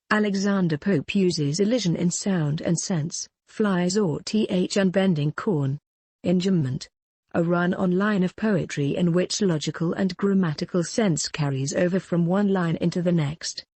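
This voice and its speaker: Literature teacher, lecture delivery, husky tone, dry close sound. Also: medium pitch, a little mellow, no echo. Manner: reads definitions, then restates them in plain words. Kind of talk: recorded lecture reading and explaining definitions.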